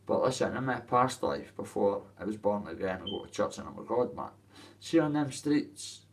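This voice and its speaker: A man's voice: fairly low pitch, lively intonation, normal speed, recorded from a distance, a little hiss or hum. A man with a Dundee Scottish accent, ranting to camera about his boxing, in a coarse, rambling way with plenty of swearing. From Dundee, Scotland. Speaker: boxer telling his story. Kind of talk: casual rant to camera.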